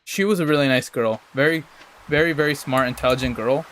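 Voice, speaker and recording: A man's voice: medium pitch, fairly quick, a bit bright, slight background noise. A young adult man streaming a game, telling a rambling, profane story in a casual, laid-back way. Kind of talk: casual storytelling while gaming.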